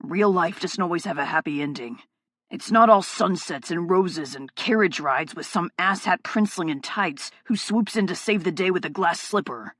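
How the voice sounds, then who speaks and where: A woman voicing a gruff, hot-tempered male FBI agent in an audiobook, curt and swearing. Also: on the low side, normal speed, fairly bright tone, no echo, clean studio sound. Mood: angry. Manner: curt, swearing, mutters darkly. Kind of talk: audiobook character voice.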